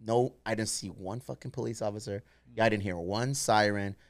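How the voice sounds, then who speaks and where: A man from San Diego, a guest DJ, telling stories fast and profanely in casual podcast chat. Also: on the low side, fairly even intonation, no room sound. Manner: rapid storytelling, profane, calls people fool.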